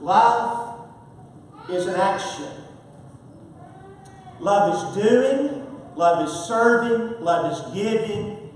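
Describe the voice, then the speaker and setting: A man's voice: sits high, very slow, long pauses, slight background noise. A man preaching an emphatic sermon, repeating phrases and swinging his volume up and down. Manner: emphatic, repetitive, rises and falls in volume. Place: church sanctuary. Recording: echoey hall, picked up from far off.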